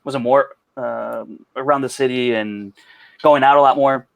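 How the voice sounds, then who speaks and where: A man's voice: medium pitch, steady tone, unhurried, creaky, no room sound, highs cut off. A man from Chicago with a mild Chicago accent, chatting as a podcast guest and telling rambling stories full of restarts. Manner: rambling storyteller with many restarts. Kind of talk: casual chat.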